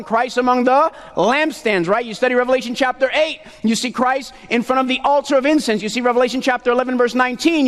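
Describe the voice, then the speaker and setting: A man from Puerto Rico with a very high voice preaches a sermon, loud and emphatic. He keeps calling out to the congregation for answers. His voice rings through a large hall with a long reverb.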